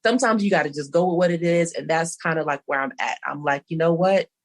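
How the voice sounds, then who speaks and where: A middle-aged woman co-hosting a podcast tells a long, meandering story, quoting dialogue back and forth in casual chat. Her voice is low-pitched and animated, and she talks fast.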